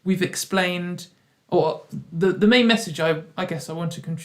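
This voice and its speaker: A woman's voice: on the low side, normal speed. A woman hosting a casual livestream chat over a video call, rambling with many restarts and slipping into ironic quoted voices. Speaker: host.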